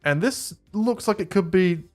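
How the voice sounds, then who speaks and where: A man giving relaxed, chatty commentary over gameplay as a YouTuber. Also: high voice, unhurried, faint music behind. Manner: relaxed, chatty, rates cars offhandedly. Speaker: gaming YouTuber.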